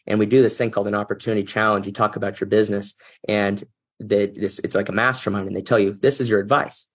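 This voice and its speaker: A man's voice: lowish voice, steady tone, fast, husky. A man guest on an interview show, earnestly telling a personal story in a reflective, heartfelt way. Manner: earnest, reflective, emotional at times. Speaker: podcast guest, business executive.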